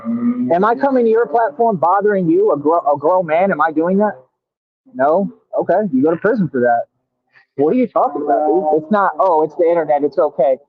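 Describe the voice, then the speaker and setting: A brash, boastful man rants at his critics in a high, confrontational voice. The sound is tinny and phone-like, and very dry with no room around it. He drags out words slowly when he wants them to land. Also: no echo. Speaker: radio show host. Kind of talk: combative live-stream rant at commenters.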